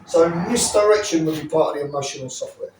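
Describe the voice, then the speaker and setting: A man's voice: fairly high pitch, quick pace, a little mellow, distant mic. A man teaching self-defense moves, blunt and profane, often checking in with the listener. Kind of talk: demonstration teaching. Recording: echoey room, off mic, faint ambience.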